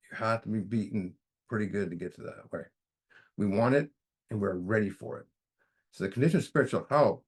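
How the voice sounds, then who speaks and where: A man leading a recovery study group in a casual teaching manner, folksy, often repeating himself and saying "you know". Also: on the low side.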